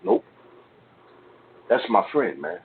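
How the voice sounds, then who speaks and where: A man's voice: on the low side, wildly swooping pitch, takes it slowly, creaky. A middle-aged man, a guest in an interview, telling stories casually in loose street slang and often tagging "man" and "you know what I'm saying". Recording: tinny phone-like sound with faint noise.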